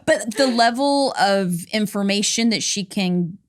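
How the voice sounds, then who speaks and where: A woman's voice: mid-range voice, a little slow. A woman hosting a podcast in casual chat, bubbly and laughing often as she talks. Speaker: podcast host.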